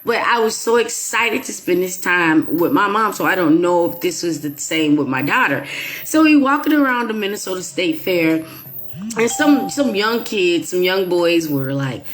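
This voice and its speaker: A woman hosting her own channel, telling a personal story to viewers in an animated, emphatic way with playful asides. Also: on the low side, normal speed, faint music behind. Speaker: YouTube channel host. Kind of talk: casual storytelling monologue to viewers.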